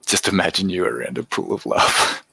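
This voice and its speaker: Low-voiced Australian man chatting live. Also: moderate pace, vocal fry, breathy edge, no room sound, low-quality recording. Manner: relaxed, chatty, reads and answers viewer comments. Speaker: livestream host. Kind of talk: casual livestream chat with viewers.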